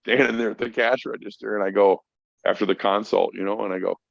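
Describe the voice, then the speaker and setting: Man, very low gravelly voice, profane emphatic storyteller, dull lo-fi dry recording. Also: steady tone, fast, no room sound. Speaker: podcast guest, mental health worker. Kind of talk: casual storytelling.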